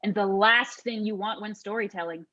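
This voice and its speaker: A woman's voice: mid-range voice, normal speed, sharp tone, muffled recording, close to an everyday voice. A young actress playing an earnest young woman terrified of chimpanzees, speaking in an overly formal, dramatic manner. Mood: chiding. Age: young adult. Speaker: actor in a student comedy sketch. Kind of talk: stage comedy dialogue.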